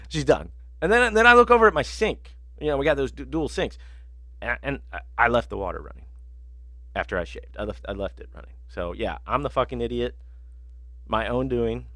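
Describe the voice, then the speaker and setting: A man's voice: mid-range voice, pushed and bright, dry recording, studio quality. A man hosting a sports betting podcast, telling rambling, profane stories in casual chat with lots of fillers.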